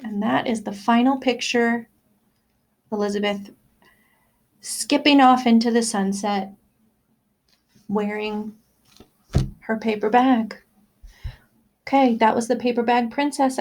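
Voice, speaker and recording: Woman, high voice, school staff, children's storytime read-aloud, expressive, asks questions. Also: takes it slowly, long pauses. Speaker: school staff reading to students.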